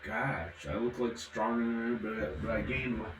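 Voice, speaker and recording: A man's voice: medium pitch, fairly even intonation, normal speed, roomy sound, a little hiss or hum, poor audio. A man from the American South, vlogging casually while drinking, rambling and giggling from one topic to the next.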